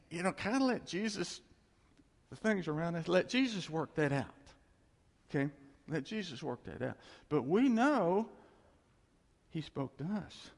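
Gravelly preacher in a reverberant hall. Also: male voice, on the high side. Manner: conversational preaching with laughs and emphatic repetition. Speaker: pastor. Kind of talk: sermon.

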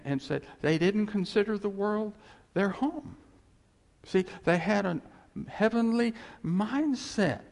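A man preaching a sermon as pastor, conversational and animated, swinging between loud bursts and soft asides. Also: high voice, vocal fry, in a large hall.

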